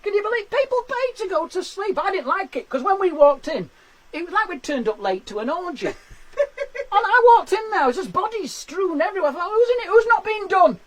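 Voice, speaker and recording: A man doing stand-up from his garden shed, with quick self-deprecating patter and laughs at his own jokes. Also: very high-pitched, very animated, poor audio. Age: 40s. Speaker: stand-up comedian. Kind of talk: live-streamed stand-up.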